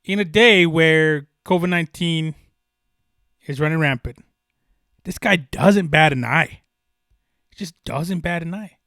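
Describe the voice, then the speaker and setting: A young man riffs through a solo sports podcast, his voice bright and a touch high. He talks with fervent emphasis, circling back and restarting his thoughts. The sound is dry and close. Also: unhurried, long pauses, dry recording. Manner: passionate, emphatic, rambling with restarts. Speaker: podcast host.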